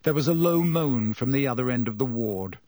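A man narrating an audiobook with an expressive delivery. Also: medium pitch, fairly quick, no echo, studio quality. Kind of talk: audiobook reading.

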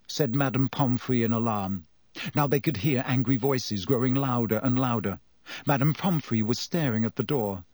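A man narrating an audiobook with an expressive delivery. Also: medium pitch, normal speed, dry recording, studio quality. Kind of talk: audiobook reading.

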